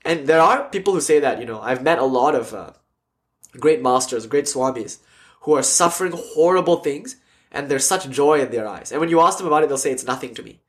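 A man's voice: a little high, a little fast. A man giving a casual lecture as a spiritual teacher, telling stories animatedly and acting out quotes. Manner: animated storytelling, acts out quotes. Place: class with online audience.

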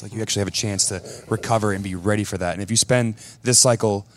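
A man's voice: fairly low pitch, fairly even intonation, fast talker, few pauses. A man coaching athletes in casual chat, blunt and ready to swear. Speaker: fitness coach.

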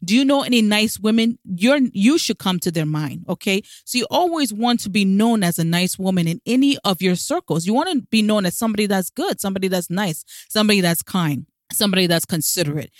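A woman's voice: medium pitch, animated, fairly quick, few pauses, no echo, clean studio sound. Smiling woman giving emphatic advice. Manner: emphatic, coaching, rhetorical questions; talks with a smile in her voice. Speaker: dating advice coach. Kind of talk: direct-to-camera advice talk.

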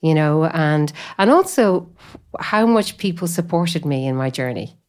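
Low-pitched woman, conversational faith talk, chatty, lots of "you know" fillers. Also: animated, unhurried, darkish tone. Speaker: guest speaker on faith.

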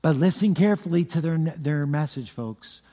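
A man preaching a sermon, telling scripture stories in an animated way with vocal sound effects. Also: a little high, normal speed. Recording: long hall reverb.

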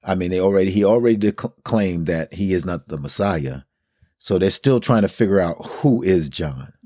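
A man's voice: low voice, expressive, moderate pace, dark tone, no echo, clean studio sound. A man in a casual Bible study discussion, talking earnestly in a preacherly way and building up lists of phrases. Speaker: co-host of a Bible study talk.

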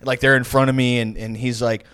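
A man's voice: mid-range voice, flat delivery, brisk, a bit bright, clear, resonant tone, dry recording, clean studio sound. A young man co-hosting a podcast, telling profane, rambling comic stories and laughing often. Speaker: podcast co-host. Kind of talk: casual comedic storytelling.

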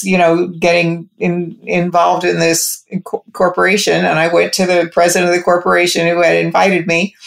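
A woman's voice: fairly low pitch, vocal fry. A woman telling a personal story to an interviewer, rambling, restarting sentences, and quoting what others said. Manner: rambling, with frequent restarts and quoted dialogue. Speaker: interview guest.

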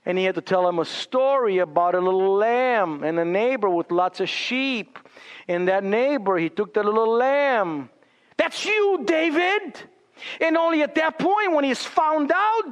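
A male pastor preaching a sermon in a church sanctuary, emphatic and deliberate, often dropping to a hushed tone. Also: extremely high pitch, animated. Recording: long hall reverb.

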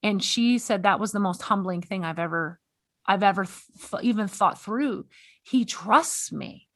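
A woman's voice: medium pitch, a little slow, a bit bright, dry recording. A woman hosting a faith-based conversation, earnest and exhorting, often repeating words as she speaks. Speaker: podcast host.

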